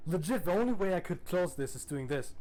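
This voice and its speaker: A man's voice: high-pitched, expressive, brisk, a little mellow, a little hiss or hum. Laid-back swearing young gamer man. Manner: laid-back, swears a lot, laughs often. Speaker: streamer. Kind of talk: casual gameplay commentary.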